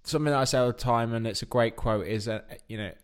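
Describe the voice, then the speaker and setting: Male host, easygoing, mid-pitched voice, casual conversation. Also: fast, clear, resonant tone. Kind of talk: casual chat.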